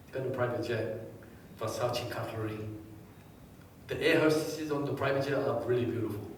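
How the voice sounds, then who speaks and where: A man giving a live seminar, quizzing the audience and telling anecdotes in a lively way. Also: mid-range voice, fairly quick, a little hiss or hum. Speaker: motivational speaker. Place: large hall with a live audience. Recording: echoey hall, distant mic.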